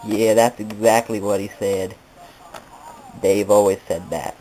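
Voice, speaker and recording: A man's voice: fairly low pitch, fairly even intonation, slow pace, a little mellow, poor audio. A man telling a rambling comedic monologue, meandering and correcting himself in a mock-nostalgic way. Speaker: comedic storyteller.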